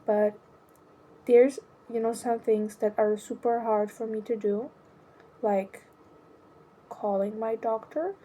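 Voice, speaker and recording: A young adult woman talking about her own life in a hesitant, halting way, often restarting her sentences. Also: on the high side, warm tone. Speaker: vlogger. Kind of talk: personal confessional monologue.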